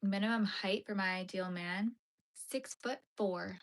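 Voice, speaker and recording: A young woman chats loosely with her viewers as she crochets at home, hosting a relaxed livestream. Her voice sits mid-range for a woman, and she often drifts from lively asides down to soft, half-whispered murmurs. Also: mid-range voice, measured pace. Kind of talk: casual livestream chat while crocheting. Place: home crafting room.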